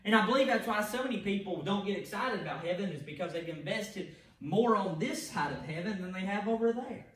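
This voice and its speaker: A pastor's high, expressive, slightly bright voice moves briskly through an emphatic evening sermon, frequently repeating words and starting phrases over. The church sanctuary recording is echoey and distant.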